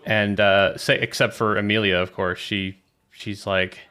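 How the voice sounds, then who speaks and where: A man narrating as game master of a tabletop game, lively and descriptive. His voice is low but bright and forceful. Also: measured pace, clear, resonant tone.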